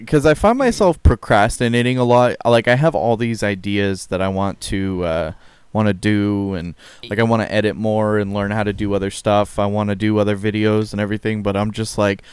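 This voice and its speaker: A young man chats on a podcast, crude and joking, quick to swear and laugh. His voice is smooth, clear and a little low. The sound is dry and close. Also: fairly even intonation, no echo. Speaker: podcast co-host. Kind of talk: casual podcast chat.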